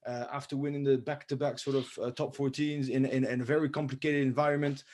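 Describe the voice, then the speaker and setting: A man, a former rugby player, chatting as a guest on a podcast and telling lively anecdotes that he laughs through. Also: mid-range voice, quick pace. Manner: animated storyteller who laughs through his anecdotes. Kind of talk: casual podcast chat, storytelling.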